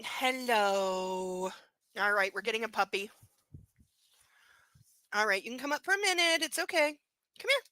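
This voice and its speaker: A woman's voice: medium pitch, expressive, unhurried, pauses often, bright, forceful tone, no room sound. Blunt, sarcastic woman reading live. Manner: blunt, crude, sarcastic asides. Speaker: live-stream book reader. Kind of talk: live reading with casual commentary.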